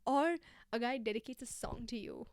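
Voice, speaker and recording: A young woman hosting her own podcast, chatting casually in an animated, slangy way. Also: on the high side, moderate pace, no echo, clean studio sound. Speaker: podcast host. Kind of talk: casual solo podcast chat.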